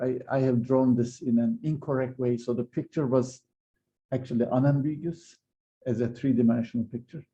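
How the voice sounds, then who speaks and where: A man's voice: mid-range voice, vocal fry, warm tone, lo-fi sound, a little hiss or hum. A man giving a university physics lecture, explaining step by step with frequent fillers and restarts. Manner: hesitant, many fillers and restarts.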